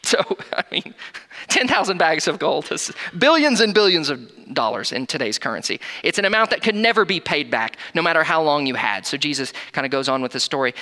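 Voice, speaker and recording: A male pastor delivers a sermon with earnest, animated energy, restarting phrases and repeating words as he goes. His voice is bright and sits a bit high for a man. The recording carries a long, echoing hall reverb. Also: fairly quick.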